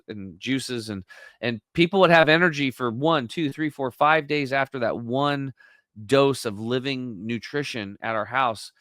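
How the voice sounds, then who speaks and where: Animated man telling his story. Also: medium pitch, no room sound. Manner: animated, acts out quoted dialogue. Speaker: podcast guest. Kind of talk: conversational storytelling.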